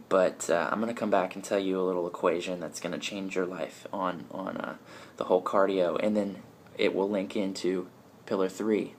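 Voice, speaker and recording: A man's voice: low-pitched, a little hiss or hum. A young man, a fitness trainer, talking straight to camera in a chatty, upbeat way with plenty of ums and restarts. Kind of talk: casual talking-to-camera vlog.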